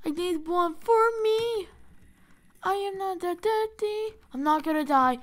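A female gamer giving excitable live commentary on her play and talking to her viewers. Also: very high-pitched, a little slow. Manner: excitable, talks to the game and viewers. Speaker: gaming channel host.

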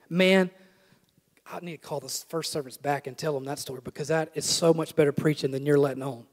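A young adult man preaching a sermon, with animated repeated refrains and self-deprecating jokes. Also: on the high side, fairly quick, big-room sound. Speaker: pastor. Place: church sanctuary.

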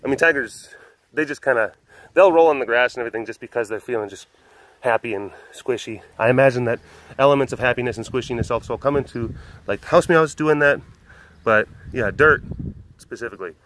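A man's voice: medium pitch, brisk, fairly bright tone, rough recording. A young man, a big cat keeper hosting a vlog, chatting casually and rambling, sometimes cooing at animals. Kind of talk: casual chat. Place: outdoors at a rural animal facility.

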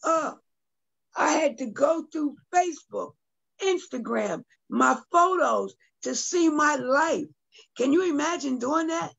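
A woman's voice: high voice, expressive, slow pace, vocal fry, fairly bright tone, muffled recording. A middle-aged woman, a guest artist and poet, earnestly telling a personal story on a video call and speaking directly to her listeners.

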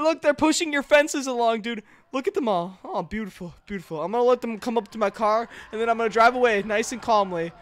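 A high-voiced man streaming a game live, his tone bright and ringing. His speech leaps up and down as he jokes, panics and yells over the action. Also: a little fast, few pauses, no echo. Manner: excitable, often yelling, joking. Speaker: streamer host. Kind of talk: live gameplay commentary.

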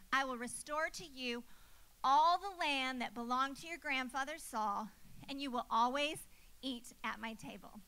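Bright, high-voiced woman preaching. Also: rough recording. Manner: emphatic, repeats phrases for effect. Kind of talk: sermon.

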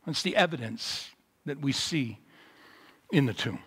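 A pastor giving a sermon at a memorial service in a chapel, telling a story with big swings between loud, high moments and low, quiet ones. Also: male voice, unhurried, husky, big-room sound. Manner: animated storytelling with big swings in pitch and loudness.

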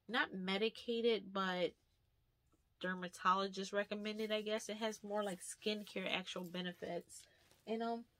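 A woman's voice: medium pitch, fairly bright tone, no echo. A young adult woman chatting casually through a beauty haul and unboxing, rambling with lots of filler words. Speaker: beauty vlogger.

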